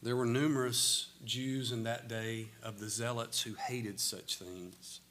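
A man with a Southern American accent preaching a sermon, slow and emphatic, his voice swelling loud on key words. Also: medium pitch, fairly even intonation, a little hiss or hum.

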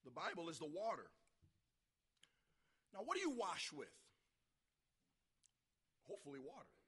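A man preaching a revival sermon with passion, asking the congregation questions and breaking into loud shouts. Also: fairly high pitch, very animated, measured pace, husky.

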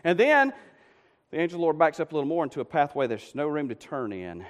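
Man, folksy sermon, high voice, very lively pitch, long church-hall reverb. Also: quick pace. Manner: folksy storytelling preacher, swings from loud to hushed. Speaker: pastor.

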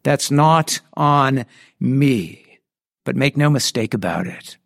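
A man's voice: medium pitch, expressive, slow pace, vocal fry, a bit bright, no echo, clean studio sound. A man preaching a sermon in an earnest way, often restarting his phrases. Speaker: pastor.

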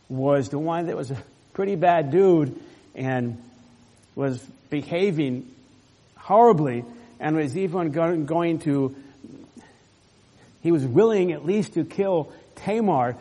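A man's voice: on the high side, slow pace, pauses often, warm tone. A man preaching a sermon as pastor. He teaches in an earnest, explanatory way and stresses key words. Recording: long hall reverb.

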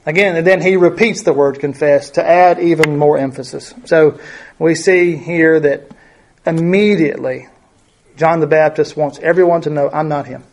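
This Bible study teacher has a fairly high, steady voice and a moderate pace. He reads verses out and talks through their meaning casually, with plenty of fillers and rhetorical questions.

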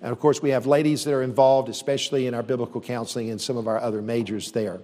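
A man's voice: medium pitch, little pitch movement, quick pace, warm tone. A man who leads a university, speaking earnestly and steadily to a church audience, with frequent fillers and restarts. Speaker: university leader. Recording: long reverb.

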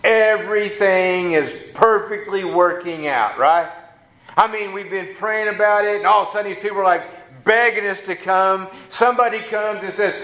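A man with a drawl preaches in a loose, folksy way, tossing in casual asides. His voice sits a little high for a man. The sound carries a noticeable room echo. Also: moderate pace, pushed and bright. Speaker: pastor. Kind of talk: sermon. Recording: echoey room.

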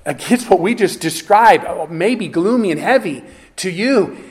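A man preaching a sermon, emphatic and teaching, with frequent asides and quick self-corrections. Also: high-pitched, expressive.

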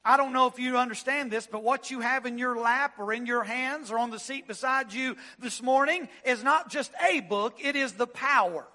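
A man preaching an expository sermon, with dramatic swings from loud emphasis down to hushed, low phrases. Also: moderate pace, hardly any pauses. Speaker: pastor. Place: church sanctuary.

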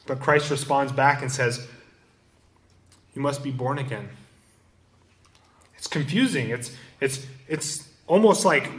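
A man's voice: on the high side, normal speed, fairly bright tone. A man preaching an expository sermon, quoting verses and explaining them. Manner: expository preaching, quotes and rereads scripture. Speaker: pastor.

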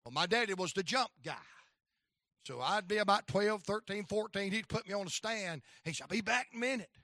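A man preaching a folksy storytelling sermon with a North Carolina accent, rising now and then to shouts of praise. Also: sits high, moderate pace, no echo, clean studio sound.

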